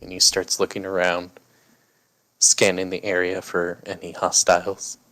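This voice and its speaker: A man's voice: sits low, monotone, measured pace, a bit bright. A man playing a tabletop game, describing his character's actions casually. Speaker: player.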